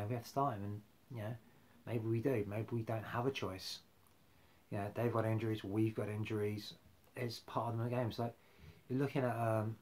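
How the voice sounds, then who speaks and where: A man's voice: lowish voice, darkish tone. Rambling man chatting about football. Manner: rambling, chatty, many fillers and restarts. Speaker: football fan vlogger. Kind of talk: casual live-stream football chat.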